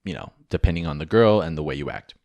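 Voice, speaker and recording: A man's voice: a bass voice, big pitch swings, quick pace, vocal fry, a little mellow, dry recording. A man co-hosting a podcast, giving rambling, frank advice with casual swearing and jokes. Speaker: podcast co-host.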